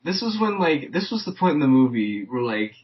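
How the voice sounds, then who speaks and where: A young man co-hosting a casual movie chat, animated and laughing along. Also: medium pitch, a little fast. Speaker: co-host. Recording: dull lo-fi recording.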